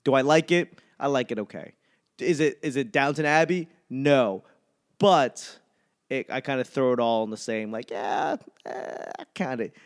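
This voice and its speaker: A man's voice: mid-range voice, a little slow. A man in his thirties with a Boston accent, hosting a podcast in a rambling, profane comic monologue. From Boston area. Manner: rambling and profane, with self-mocking asides. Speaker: podcast host and stand-up comedian. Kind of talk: casual comedic monologue.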